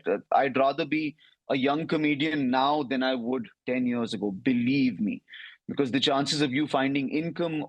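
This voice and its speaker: A man speaks as a comedian guest in an interview, answering in a loose, reflective way with the odd "uh" and "you know." His voice sits at an ordinary middle pitch. The recording is close and dry, with no room sound. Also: no room sound, poor audio. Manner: conversational, reflective, uses fillers.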